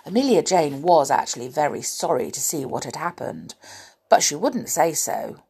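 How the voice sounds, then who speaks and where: A woman reading a children's storybook aloud in an expressive, lilting way. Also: deep voice, normal speed, creaky, husky.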